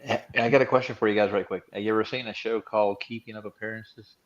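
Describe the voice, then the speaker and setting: A man's voice: lowish voice, steady tone, fast, lo-fi sound. An American man chatting casually on a livestream, friendly and prone to stumbling over his words. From United States.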